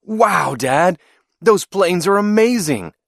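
A man voicing an eager young boy who loves airplanes, shouting with wide-eyed excitement. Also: medium pitch, moderate pace, dry recording, studio quality, voice pushed up, close to an everyday voice. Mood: thrilled.

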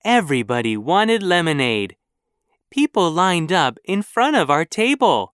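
A narrator reading a children's story aloud in a clear, careful, measured way. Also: mid-range voice, sing-song, a bit bright, no room sound, clean studio sound.

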